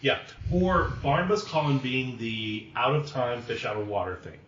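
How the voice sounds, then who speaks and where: A man's voice: mid-range voice, normal speed, background noise. Opinionated man in an echoey room. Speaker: podcast co-host. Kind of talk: casual movie discussion. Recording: echoey room, dull lo-fi sound.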